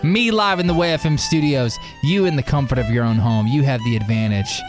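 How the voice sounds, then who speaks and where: A man's voice: medium pitch, a little fast, over music. A man co-hosting a radio show podcast, chatting in a playful, joking way. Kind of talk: casual radio banter.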